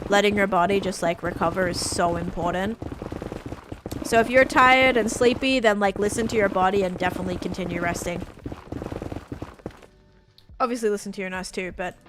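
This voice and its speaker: A woman of medium pitch streams live over a noisy background, chatting casually with viewers. Her talk is loose and chatty with many fillers and restarts, in a non-American English accent.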